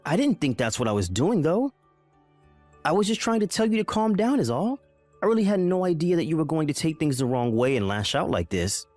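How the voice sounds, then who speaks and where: A man's voice: a little high, big pitch swings, fairly quick, darkish tone, dry recording, soft background music. A man voicing a confused young husband in a dramatized story, pleading and anxious. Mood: bewildered. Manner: confused, pleading, rising alarm.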